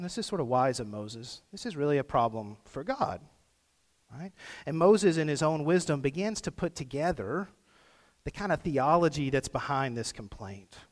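A man preaching a sermon in a conversational way, with fillers and asides, recorded in a church sanctuary. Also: on the high side. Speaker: pastor. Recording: long reverb of a large room.

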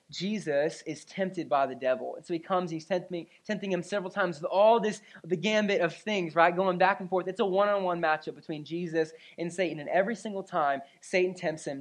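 Preaching to her congregation in a fairly low voice, a woman animatedly shares a personal story, peppering it with asides like "right?" and "you know?"

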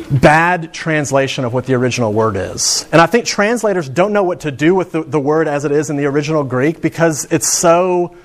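Young man, pastor, conversational sermon, slightly high voice, building emphasis, slow pauses on key words.

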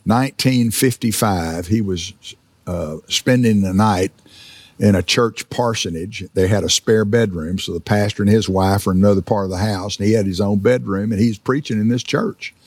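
A man's voice: fairly low pitch, moderate pace, darkish tone, dry recording. A man preaching a sermon, telling stories with many fillers and restarts and acting out laughter as he goes. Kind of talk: sermon teaching.

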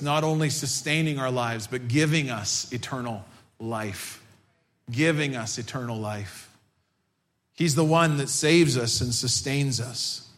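A male pastor preaching a sermon to his congregation in a church, and at times he builds to a loud, fervent pitch. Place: church sanctuary.

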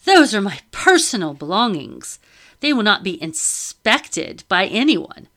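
A woman's voice: deep voice, steady tone, brisk, lightly acted. A woman reading aloud voices a haughty, wealthy lady who refuses to be questioned. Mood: indignant.

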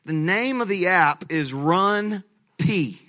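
A man pastor preaching a sermon, telling a lively story with laughter and frequent restarts. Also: sits high, slow.

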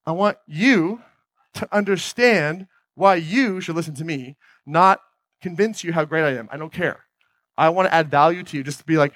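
An energetic man speaking from a stage, his voice sitting a little high for a man. He keeps turning to the audience with quick questions. The sound is dry, with almost no room around it. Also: no room sound. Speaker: motivational speaker. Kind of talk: live motivational talk on stage.

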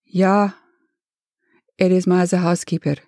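A woman's voice: on the low side, flat delivery, unhurried, warm tone, no echo, clean studio sound. A woman voicing a stubborn, wealthy older man with a German accent, who answers in short, clipped phrases. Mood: curt. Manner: curt, clipped, childish.

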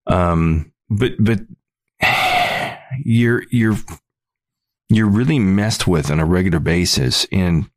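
A man's voice: low-pitched, slow pace, pauses often, no echo. A middle-aged man hosting a podcast, talking in an earnest, rambling monologue full of restarts. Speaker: podcast host.

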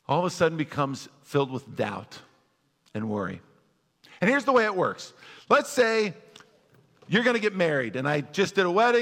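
A male pastor with a high-pitched, fairly bright voice delivers a conversational sermon. He asks his congregation questions and acts out their worries, all under a long hall reverb.

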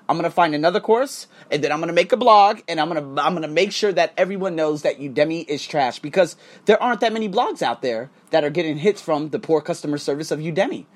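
A man hosting a podcast, ranting heatedly with lots of swearing and repeated phrases. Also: fairly high pitch. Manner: heated, profane, repetitive ranting. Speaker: podcast host. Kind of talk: angry podcast rant.

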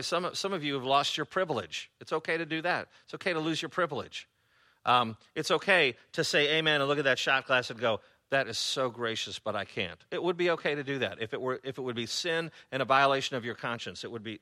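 A man preaching a sermon as pastor, conversational and sarcastic, often pausing on fillers. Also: fairly high pitch, pushed and bright.

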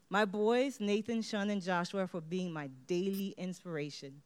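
A woman's voice: fairly low pitch, darkish tone. A woman giving a motivational award acceptance speech, leading her listeners in call-and-response chants.

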